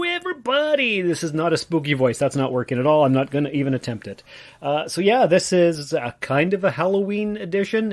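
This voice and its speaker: A man's voice: mid-range voice, darkish tone. A man hosting his own podcast, talking casually on his own with many fillers and self-corrections. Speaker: podcast host. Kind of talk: casual solo podcast talk.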